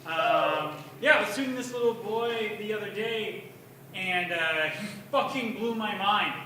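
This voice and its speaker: A man's voice: sits high, a little slow, pushed and bright, slight background noise. A young man doing crude, self-mocking open mic stand-up in a bar, telling his stories with energy. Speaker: stand-up comedian. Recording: echoey bar from far off.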